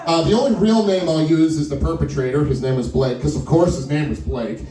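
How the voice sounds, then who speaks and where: A man performing stand-up, telling a story in an animated way and acting out the other people's lines. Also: on the high side, a little fast. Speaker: stand-up comedian. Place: small wine lounge stage. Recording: echoey room with mic far off, crowd audible. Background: audience laughter and crowd chatter.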